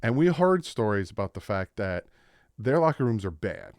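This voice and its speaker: A young man with a smooth, clear voice and a slightly low pitch recaps a football episode in casual reaction commentary. He tells it with animation and acts out what the players said. The sound is dry and close. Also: normal speed, dry recording. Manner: animated storytelling, acts out quotes. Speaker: sports reaction host.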